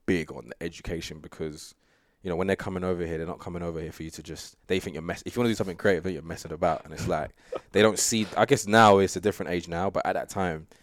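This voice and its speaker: A man's voice: sits low, fast, no echo. A young man, chatting loosely as an interview guest, with plenty of fillers. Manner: relaxed, rambling, full of fillers and laughs. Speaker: guest sprinter. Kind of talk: casual interview chat.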